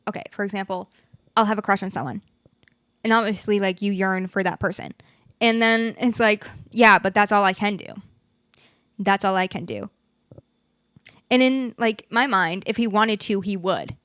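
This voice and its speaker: Young woman ranting on her podcast, swears a lot, mid pitch, dry close sound. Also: no room sound. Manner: frank and profane, animated venting. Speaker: podcast host. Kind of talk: candid solo podcast chat.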